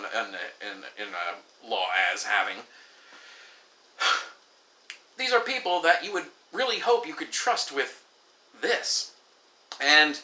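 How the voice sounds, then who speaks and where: Male vlogger, fairly high and very bright, swearing and exasperated, in an echoey room. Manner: exasperated, profane, acts out quoted exchanges. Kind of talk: ranting storytelling to camera.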